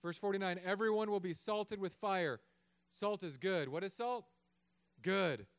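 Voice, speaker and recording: High-voiced animated young pastor preaching. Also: male voice, measured pace, smooth. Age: 30s. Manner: animated, joking, acts out voices. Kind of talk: sermon. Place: church.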